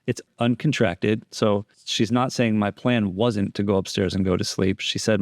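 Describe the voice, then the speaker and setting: Guy breaking down an interrogation step by step, lowish voice, dry close sound. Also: level tone, moderate pace, few pauses, no echo. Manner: methodical, repeats key phrases for emphasis. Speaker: deception analysis instructor. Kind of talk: explanatory lecture over interrogation footage.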